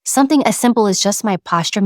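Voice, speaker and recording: A woman giving a motivational talk, animated and acting out examples as she speaks. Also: medium pitch, fast, no echo, clean studio sound. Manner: animated, acts out examples, repeats words. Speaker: speaker on presence and communication.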